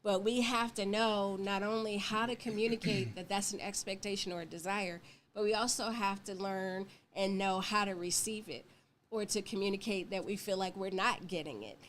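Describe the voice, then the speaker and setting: A woman's voice: medium pitch, steady tone, normal speed, a bit bright. A woman co-hosts a casual marriage talk show, with a mid-range voice. She tells stories animatedly and laughs often. Faint background noise sits under the recording.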